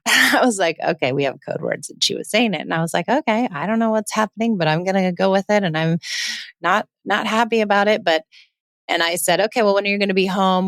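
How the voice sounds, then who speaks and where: A woman in her forties hosts a parenting show, telling a family story in a loose, chatty way and acting out the quoted dialogue as she goes. Her voice sits at a middling pitch, and the recording is dry and close, with no room sound around it. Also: brisk, gravelly, dry recording. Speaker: parenting podcast host. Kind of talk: casual storytelling monologue.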